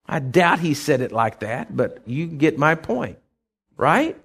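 A man's voice: a little high, sing-song, takes it slowly, gravelly, fairly bright tone, slightly rough. A middle-aged male pastor preaching a sermon in a folksy, conversational way, with asides and questions to the congregation.

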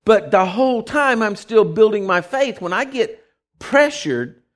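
A man preaching a conversational sermon, folksy and animated, telling stories and acting out voices. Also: high-pitched, measured pace. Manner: animated storytelling, acts out voices.

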